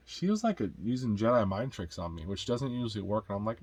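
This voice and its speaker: A man's voice: medium pitch, sing-song, fast, hardly any pauses, breathy edge, dry recording. A man who is a dad co-hosting a reselling vlog, telling rambling stories of how he bought things at sales. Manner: rambling storyteller, acts out quotes. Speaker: co-host and reseller. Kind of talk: casual chat telling buying stories.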